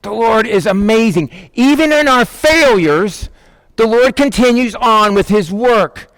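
A man's voice: high-pitched, expressive, measured pace, fairly bright tone, no room sound. A male pastor preaching an informal sermon, acting out Bible characters in casual modern speech. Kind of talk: conversational sermon.

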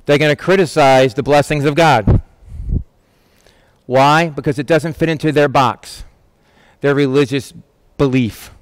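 A man's voice: medium pitch, no echo, clean studio sound. A man teaching on a Bible passage in a conversational way, asking rhetorical questions and acting out quoted voices. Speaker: preacher.

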